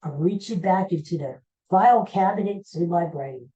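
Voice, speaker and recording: Woman podcast host, rambling and jokey, low-ish dark voice, slightly muffled recording. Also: normal speed, a little hiss or hum. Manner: rambling, jokey, teasing the studio crew. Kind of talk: casual chat.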